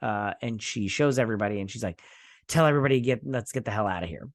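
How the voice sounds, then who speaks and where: A man hosting a casual episode recap and review, talking fast and loose with crude, sarcastic asides and quick mocking impressions. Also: lowish voice, expressive, no room sound, studio quality. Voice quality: crude, sarcastic retelling with mocking quoted voices. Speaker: host.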